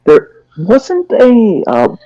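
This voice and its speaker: A man playing a tabletop game, smooth-talking and dropping into hushed whispers in character. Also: sits high, huge pitch swings, very slow, no room sound. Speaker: player. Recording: muffled lo-fi mic.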